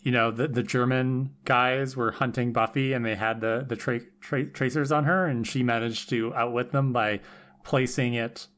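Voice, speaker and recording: Man podcast co-host, eager fan talk, mid-pitched voice. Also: fairly even intonation, normal speed, a bit bright. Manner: enthusiastic, some restarts. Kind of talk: casual fan discussion.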